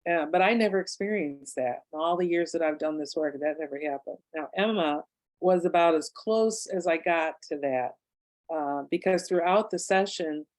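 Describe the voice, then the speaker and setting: A woman with a lowish voice, captured in a rough recording, speaks at a book club. An author and past-life regressionist, she tells a client's case story conversationally, full of asides and fillers.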